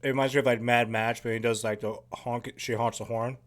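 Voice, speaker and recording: A man giving casual, profane commentary over a horror film, excitable and full of jokey asides. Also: medium pitch, fairly quick. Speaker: movie commentary host.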